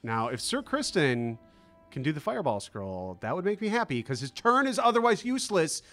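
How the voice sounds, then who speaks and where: A man co-hosting a live game stream in easy, casual chat. His pitch swings widely as he jokes and teases, then turns to answering viewer questions in the same loose, friendly way. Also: very animated, brisk, a bit bright, faint music behind.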